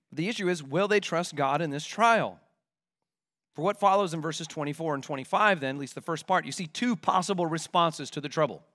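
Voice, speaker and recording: A male pastor preaching a sermon in an animated, conversational way, with vivid everyday examples. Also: on the high side.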